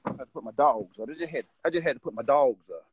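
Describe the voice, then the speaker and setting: A man's voice: medium pitch, fast, husky, no room sound, highs cut off. A man ranting on a live stream from home into his phone, agitated, repetitive and profane.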